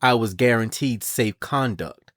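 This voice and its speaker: A man's voice: mid-range voice, unhurried, fairly bright tone, no room sound, clean studio sound, close to an everyday voice. A man reading as a defiant noblewoman clan leader. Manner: formal, clipped delivery. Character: proud young woman clan leader, cold and defiant.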